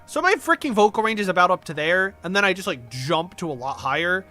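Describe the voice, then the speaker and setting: A man's voice: high-pitched, expressive, quick pace, sharp tone, faint music behind. A man streaming a game, chatting casually in a rambling, self-deprecating way. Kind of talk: casual gameplay commentary.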